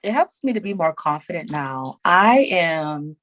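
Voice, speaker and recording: A woman talking as a podcast guest in casual chat, animated and emphatic, repeating her words for emphasis. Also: low voice, a little slow, no room sound, rough recording.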